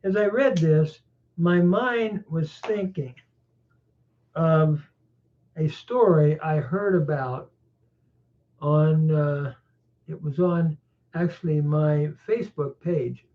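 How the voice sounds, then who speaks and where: A man teaching a Bible chapter verse by verse, reflective and unhurried, pausing often with small fillers. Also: a little high. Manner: reflective, with frequent pauses and fillers. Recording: tinny phone-like sound.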